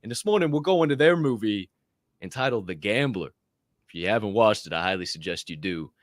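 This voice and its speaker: A man's voice: lowish voice, lively intonation, a little fast, no room sound. A man co-hosting a motivational podcast, introducing segments in a joking hype-man way. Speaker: podcast co-host. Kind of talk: casual motivational podcast chat.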